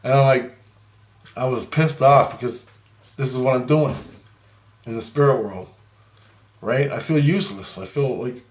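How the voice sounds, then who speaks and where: A man telling a rambling, profane story about a dream, animated and laughing often. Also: medium pitch, unhurried, pauses often. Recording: roomy echo.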